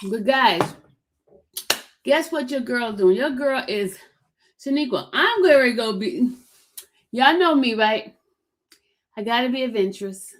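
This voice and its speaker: A woman hosts a relaxed livestream, her voice sitting a little high. She chats directly with her viewers, greets them by name and circles back over the same lines again and again. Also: takes it slowly, pauses often. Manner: chatty, repeats herself, calls out to viewers by name. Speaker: livestream host. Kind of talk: casual livestream chat. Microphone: streaming setup.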